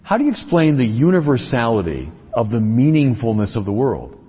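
A man's voice: medium pitch, very animated, a little fast, breathy edge. A man giving a lecture-style religious talk, explaining his points through lists and rhetorical questions. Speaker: speaker on religion. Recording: echoey, dull lo-fi recording.

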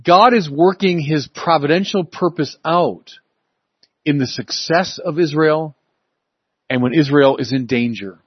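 Male preacher, husky voice, emphatic sermon delivery, dry and slightly muffled recording. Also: on the high side, no room sound. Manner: emphatic, rising for stress and slowing on key words.

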